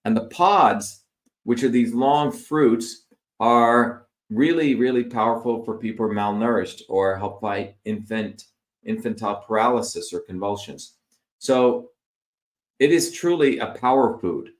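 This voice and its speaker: A man's voice: mid-range voice, measured pace, echoey room. A middle-aged man from India, giving an explanatory lecture over slides and listing terms one by one with fillers. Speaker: presenter.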